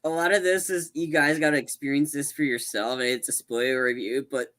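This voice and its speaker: A co-host of a movie review podcast in casual chat, telling scenes with animated retellings and many restarts. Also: mid-range voice, a little fast.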